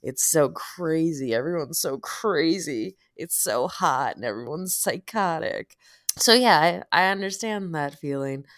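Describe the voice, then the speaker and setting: A woman in casual conversation, telling stories with lots of laughter and loud acted-out quotes. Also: low-pitched, measured pace, hardly any pauses, no room sound, studio quality. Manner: animated storyteller, laughs often, acts out quotes loudly. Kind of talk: casual chat.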